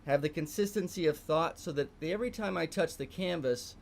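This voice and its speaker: A man's voice: fairly high pitch, fairly quick, creaky, a little hiss or hum. A middle-aged man with a Texan accent, teaching a live online morning art class, emphatic and repeating phrases for stress. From Texas.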